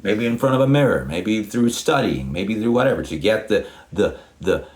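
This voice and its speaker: A man's voice: on the low side, expressive, moderate pace, a little mellow. A man speaking English as a non-native language, delivering a long, unedited, profane and tangential rant straight to camera. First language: not English. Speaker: YouTuber. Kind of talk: unscripted ranting monologue.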